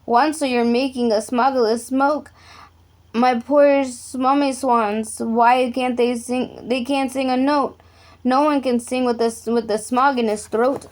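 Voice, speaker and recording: Woman doing a high scolding old forest creature. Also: steady tone, takes it slowly, darkish tone. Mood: pleading. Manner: indignant, scolding.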